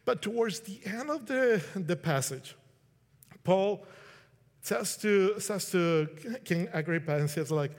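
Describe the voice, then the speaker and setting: A man's voice: high-pitched, lively intonation, takes it slowly. A middle-aged man from Colombia, giving a casual, conversational sermon and acting out quotes. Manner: conversational, restarts, acts out quotes. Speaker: preacher. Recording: long hall reverb.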